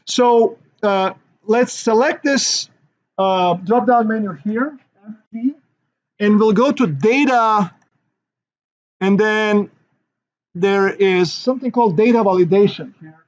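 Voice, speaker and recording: A man's voice: high voice, slow, muffled recording. A male university instructor giving a recorded class lecture in a casual, rambling way with many fillers and restarts.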